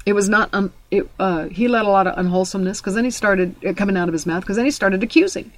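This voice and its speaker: A woman's voice: medium pitch, fast talker, hardly any pauses. A woman preaching a sermon, telling personal stories in a conversational way and quoting scripture. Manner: storytelling, conversational with scripture quotes.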